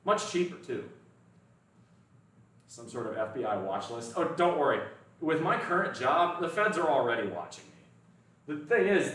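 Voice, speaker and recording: A man's voice: mid-range voice, fairly bright tone, recorded from a distance. An American man hosting a casual fitness livestream, talking bluntly and swearing freely. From United States. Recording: echoey room, voice from off the mic.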